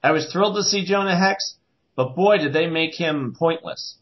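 A man co-hosting a podcast in casual chat, animated and quick to joke. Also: fairly high pitch. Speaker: podcast co-host. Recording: dull lo-fi sound.

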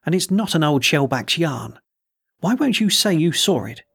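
A man's voice: medium pitch, normal speed, no echo, studio quality, lightly acted. A man reading an audiobook, voicing a frightened teenage ship's apprentice who pleads in an urgent, tearful whisper. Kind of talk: audiobook narration.

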